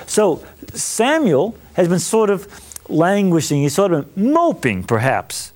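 A man's voice: sits high, sing-song, measured pace, a little mellow. A man who is a priest giving a Bible lesson, teaching in an enthusiastic, conversational way.

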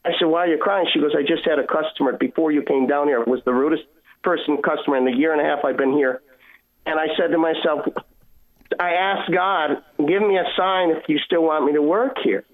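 A man's voice: on the high side, steady tone, brisk. A man earnestly telling a personal faith story as a caller, heard over a phone line. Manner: earnest, emotional retelling with quoted dialogue. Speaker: caller sharing testimony. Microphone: phone call.

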